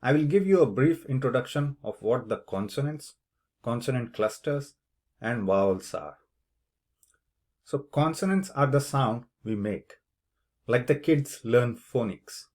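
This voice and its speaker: A man explains an English speaking test in an unhurried, measured way, like a lesson. His voice sits at an ordinary middle pitch. He stops to say example words aloud, showing which syllable takes the stress. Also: expressive, darkish tone. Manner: slow, deliberate, demonstrates word stress aloud. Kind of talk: instructional explanation.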